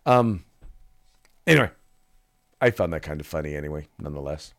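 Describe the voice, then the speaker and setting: A man's voice: extremely low pitch, a little fast, gravelly. A man co-hosting a casual political podcast, reading out sponsor spots and describing memes with acted-out quotes. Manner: animated, acts out quoted voices. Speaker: podcast co-host.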